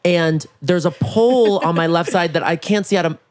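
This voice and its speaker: A young man hosting a podcast, chatting casually and telling lively stories with quick jokes. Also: a little high, no echo. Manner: animated storyteller, quick jokes. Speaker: podcast host. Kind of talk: casual chat.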